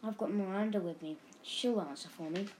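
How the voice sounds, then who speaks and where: A woman voicing an elderly male hyena who is weary but gentle, in a storybook reading. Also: medium pitch, slight background noise, lightly acted. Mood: cheerful. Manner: drowsy, slow-spoken.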